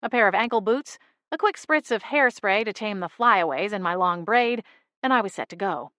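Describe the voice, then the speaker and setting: A woman narrating a novel in the first person as an audiobook, wry and lively. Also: medium pitch, normal speed, dry recording, clean studio sound.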